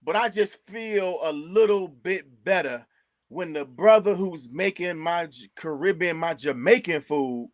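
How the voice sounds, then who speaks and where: A man with a Chicago accent chatting casually as co-host, animated, repeating words and laughing often. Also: a little high, a little slow. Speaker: co-host recommending local restaurants. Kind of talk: casual chat.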